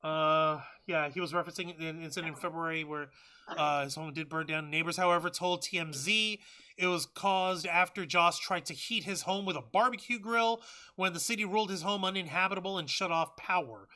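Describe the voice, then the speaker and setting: A man's voice: on the high side, brisk, bright, forceful tone. A man hosting a livestream, reading news articles and viewer chat aloud and ranting angrily with heavy swearing. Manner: angry, profane ranting. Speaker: livestream host.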